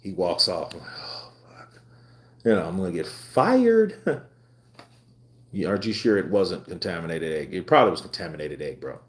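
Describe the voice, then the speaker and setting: His voice is low-pitched with big pitch swings, delivered at normal speed. This livestream host in his twenties chats easily, laughs frequently, and tells stories that ramble.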